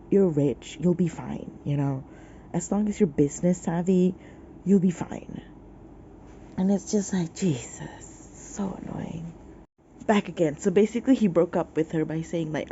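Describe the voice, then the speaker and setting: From her bed, a sniffling, sick woman vents about a book for her casual vlog, exasperated and sighing. Her voice is lowish and dark, with slight background noise on a dull, lo-fi recording.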